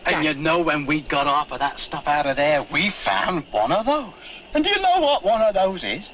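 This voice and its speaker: A man's voice: fairly high pitch, slight background noise, low-quality recording. An actor playing a joking old male miner who tells tall tales in colloquial slang, drawing out his punchlines. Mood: teasing. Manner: animated storyteller, drawn-out punchlines. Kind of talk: film dialogue.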